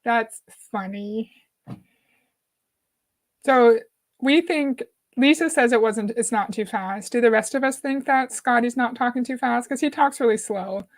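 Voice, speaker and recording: A woman hosts a live reaction stream, chatting casually, greeting viewers by name and reading their comments aloud. Her voice is a little high and her pace unhurried.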